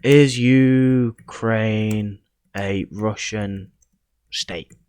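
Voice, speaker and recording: A young man from England, rambling through casual vlog commentary and reading haltingly off his screen. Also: on the low side, fairly even intonation, darkish tone, clear, resonant tone, no room sound. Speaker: YouTuber.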